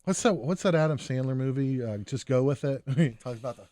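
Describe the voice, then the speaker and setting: A man's voice: mid-range voice, fairly quick, warm tone, no room sound. A man co-hosting a podcast in casual banter, joking and laughing easily. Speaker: podcast co-host.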